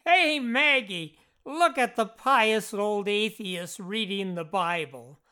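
The narrator voicing a rude, boastful talking mongoose spirit who screams insults in a high, shrill voice. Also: expressive, slow pace, bright, forceful tone, clear, resonant tone. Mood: shrieking insults.

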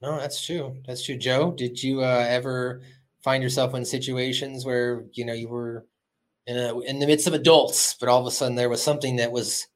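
A man's voice: mid-range voice, level tone, moderate pace. A man hosting a podcast, animatedly retelling a cartoon episode in a loose, casual chat with lots of fillers. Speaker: podcast host.

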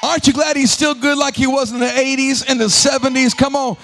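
High-pitched shouting preacher man. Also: fairly even intonation, fairly quick, soft background music. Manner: shouting, sing-song preaching cadence. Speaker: pastor. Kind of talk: sermon. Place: church sanctuary.

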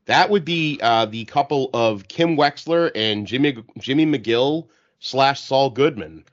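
A man with the hiccups chatting casually on a podcast panel, enthusiastic and halting, with lots of filler words. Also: medium pitch. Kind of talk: casual chat. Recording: dull lo-fi audio.

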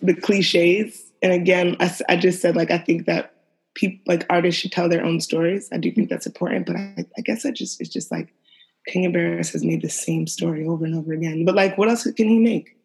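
A woman's voice: on the low side, fairly even intonation, fairly quick, vocal fry, darkish tone. A young woman co-hosting a casual chat, candid and laughing as she talks, swearing freely. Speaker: podcast co-host.

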